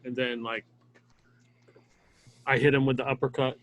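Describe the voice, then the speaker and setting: A man's voice: medium pitch, little pitch movement, normal speed, a bit bright. Male player, easygoing chat, stop-start describing of his moves. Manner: laid-back, hesitant describing of moves. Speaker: tabletop game player. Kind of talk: casual chat.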